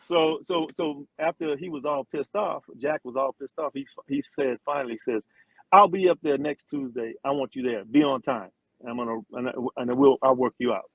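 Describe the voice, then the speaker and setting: A middle-aged man spins a long tale, slipping into the voices of the people he quotes and restarting his sentences as he goes. His pitch is mid and his sound is dry and close. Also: normal speed, creaky, no room sound, muffled recording. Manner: animated storyteller, acts out quotes, frequent restarts. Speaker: interview guest, former football player and singer. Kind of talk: casual storytelling interview.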